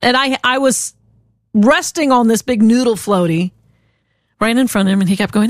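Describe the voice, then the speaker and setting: A woman hosting a short radio devotional, telling a story in a gentle, encouraging way. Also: mid-range voice, moderate pace, dry recording, clean studio sound. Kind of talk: spoken devotional.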